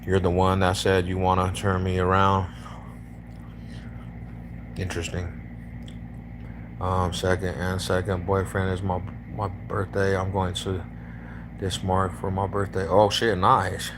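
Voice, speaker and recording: Here the Denver livestreamer sits low with a completely flat delivery, taking his time and pausing often, while background noise runs behind him. Hailing from East Denver, Colorado, he's slangy and relaxed with the strangers he chats to, using homie, bro and fool.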